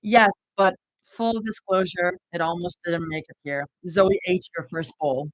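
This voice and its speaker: A woman doing Rumi, a calm, teasing young woman. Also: lowish voice, a little slow, dry recording, lightly acted, low-quality recording. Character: gentle, playful young woman.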